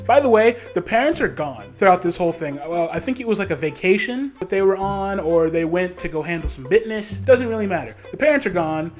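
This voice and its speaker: A man casually recapping a movie with a co-host, joking and slipping into quick impressions. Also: high voice.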